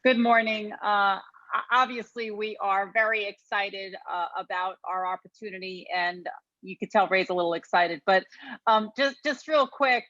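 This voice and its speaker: Woman, bright and fairly high voice, earnest and thankful team leader; dry, lo-fi call sound. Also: normal speed, no room sound. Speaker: business leader speaking to team. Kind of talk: motivational remarks. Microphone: video call.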